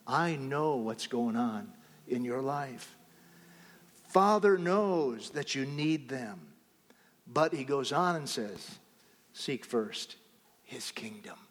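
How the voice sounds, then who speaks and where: A fairly high-voiced man preaches a sermon, swinging between loud exclaiming and hushed whispers for emphasis. His voice carries a long reverb, as if he speaks in a large hall. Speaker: pastor.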